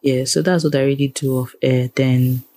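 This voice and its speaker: Frank Nigerian woman with a low voice. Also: normal speed. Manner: frank, exasperated, animated when ranting. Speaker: radio producer and presenter, guest. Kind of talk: interview.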